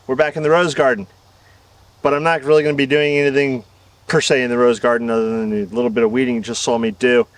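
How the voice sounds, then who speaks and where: A middle-aged man from the American South chats through his gardening video with a rambling, self-deprecating manner and chuckles. He is recorded outdoors in his garden. The camera mic sits a little away from him, so he sounds slightly distant. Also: medium pitch. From Southern United States. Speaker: gardening channel host. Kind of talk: casual outdoor video talk.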